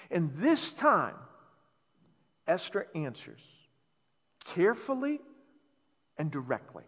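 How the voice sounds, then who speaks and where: Male preacher, high and lively voice, animated storyteller, big hall echo. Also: unhurried, pauses often, husky. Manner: animated storytelling, playful asides. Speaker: pastor. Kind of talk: sermon.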